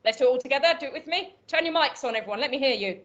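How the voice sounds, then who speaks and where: Irish woman, voice coach, higher voice, muffled call audio, instructive. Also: lively intonation, very fast, a bit bright. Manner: instructive, demonstrates vocal exercises. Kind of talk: online voice coaching class.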